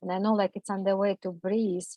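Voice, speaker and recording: Woman recounting a loss, halting speech. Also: medium pitch, level tone, dark tone, dry recording, low-quality recording. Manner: halting and emotional, with many fillers and restarts; non-native English grammar. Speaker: guest. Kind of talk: personal account in an interview.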